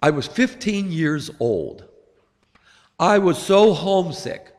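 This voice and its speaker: A middle-aged man preaching a sermon to a congregation, slow and emphatic with dramatic pauses. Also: fairly high pitch, expressive, darkish tone. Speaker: pastor. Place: church sanctuary. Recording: long hall reverb.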